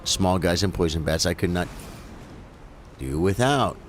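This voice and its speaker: A man's voice: deep voice, expressive, a little slow, a little hiss or hum. Chatty man streaming a game. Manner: casual, chatty, addresses viewers as bro and folks. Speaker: gaming streamer. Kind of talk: live gameplay commentary.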